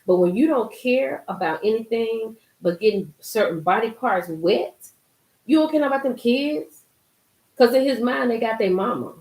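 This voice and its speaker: A woman hosting a casual live-stream commentary, emphatic and animated, reading and reacting to viewer comments. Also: a little high, moderate pace. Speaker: YouTube commentary host. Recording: roomy echo.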